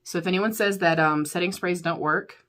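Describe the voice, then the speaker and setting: Young woman, lower-pitched voice, candid and chatty, laughs easily, reviews makeup at a desk. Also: fairly even intonation, moderate pace, fairly bright tone. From United States. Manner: candid, chatty, addresses viewers as y'all, laughs often. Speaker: beauty YouTuber. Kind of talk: casual chatty product review.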